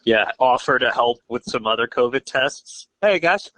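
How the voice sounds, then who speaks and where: Joking man with quick questions. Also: mid-range voice, little pitch movement, sharp tone, no echo, rough recording. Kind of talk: casual banter.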